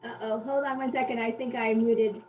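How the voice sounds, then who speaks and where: A woman's voice: fairly high pitch, steady tone, moderate pace, darkish tone, reverberant, distant mic, a little hiss or hum, rough recording. A woman organizer on a video call, apologetic and a bit flustered. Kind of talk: casual chat on video call.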